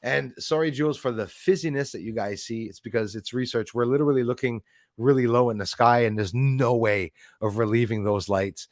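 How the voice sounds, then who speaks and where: A man's voice: mid-range voice, brisk, dry recording, studio quality. A man hosting a casual live stream, rambling as he reads out and thanks viewers in the chat. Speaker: livestream host.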